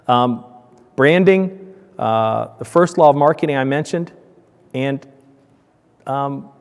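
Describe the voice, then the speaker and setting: A man giving a conference talk, telling stories with lively acted-out voices. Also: slow pace, clear, resonant tone. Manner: animated, acts out dialogue with raised pitch. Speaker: conference speaker, donut shop owner. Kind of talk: storytelling presentation. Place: conference hall. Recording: hall reverb from a conference room.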